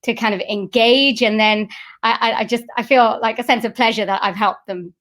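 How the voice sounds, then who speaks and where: A woman's voice: on the high side, steady tone, normal speed, fairly bright tone. Chatty middle-aged woman voice artist. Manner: chatty, many fillers and restarts. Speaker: voice-over artist and singer. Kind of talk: casual interview chat.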